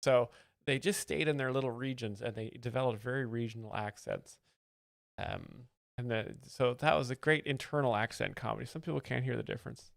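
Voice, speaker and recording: A man on a live stream explains comedy in a deadpan, faux-expert tone, reading out viewer donations between clips. His voice has a gravelly edge. The sound is dry and close, with no room around it. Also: medium pitch, brisk, no room sound. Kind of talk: deadpan mock-expert commentary.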